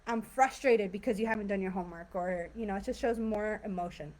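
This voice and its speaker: A woman's voice: medium pitch, fairly quick, darkish tone. A woman teaching an online English grammar class, explaining patiently with lots of fillers and frequent "right?" checks. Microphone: video call.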